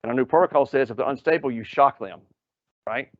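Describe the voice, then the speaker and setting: A man's voice: mid-range voice, fast talker, no echo. A man, an emergency doctor giving a live lecture to medics, quizzing the audience and cracking jokes. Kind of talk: live lecture to EMS providers. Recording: dull lo-fi lecture audio.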